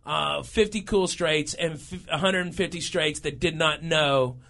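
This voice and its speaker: A man in his thirties telling a funny story in a casual chat, animated and laughing through his lines, often saying okay and all right. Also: fairly high pitch, a little slow, gravelly.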